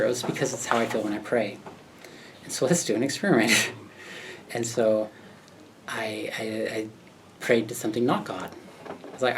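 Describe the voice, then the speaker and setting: An American man recounts his story to an audience gathered in a pub. He is animated, laughs often and acts out the voices of other people. The recording picks him up from a distance, with a faint hum of the room behind him. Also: medium pitch, normal speed, long pauses. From United States. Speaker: speaker at a talk. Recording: distant mic with faint background noise.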